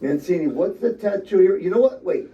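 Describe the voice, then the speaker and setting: A man's voice: high voice, expressive, fairly quick, dull audio. A man hosting a podcast in casual chat, playfully repeating each question aloud. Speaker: podcast host. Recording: distant from the mic.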